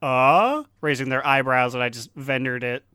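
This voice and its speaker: A man's voice: mid-range voice, level tone, brisk, sharp tone, smooth, no echo, studio quality. A man co-hosting a podcast, talking animatedly about a video game, laughing often and swearing casually. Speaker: podcast co-host. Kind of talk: casual gaming chat.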